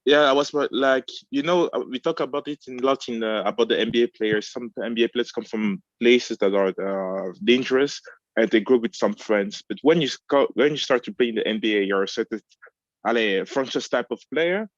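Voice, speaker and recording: A man co-hosting a casual discussion, talking haltingly, often restarting and searching for words. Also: mid-range voice, dry recording, dull audio.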